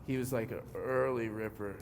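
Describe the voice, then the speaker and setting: A man, telling skateboarding stories in a relaxed interview, cursing freely and getting animated as he goes. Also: medium pitch, normal speed, slight background noise. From New Jersey. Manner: laid-back, swears a lot, animated when telling stories. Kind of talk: casual interview.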